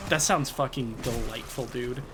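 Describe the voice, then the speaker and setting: A game streamer chatting casually with quick, rambling asides and easy swearing. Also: mid-range voice, a loud crowd. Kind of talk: casual chat while playing a game.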